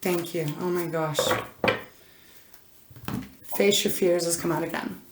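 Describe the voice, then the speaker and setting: Woman, lowish voice, intuitive card reader, chatty and rambling, self-interrupting, camera mic, echoey room. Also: steady tone, unhurried, heavy background noise. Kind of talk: casual card reading to camera. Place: indoor room.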